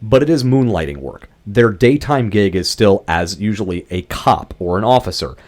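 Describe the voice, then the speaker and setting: A man's voice: fairly low pitch, lively intonation, normal speed, darkish tone. A man co-hosting a podcast, talking about a film in an emphatic, sarcastic way with heavy swearing. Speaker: podcast co-host. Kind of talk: casual chat about a film.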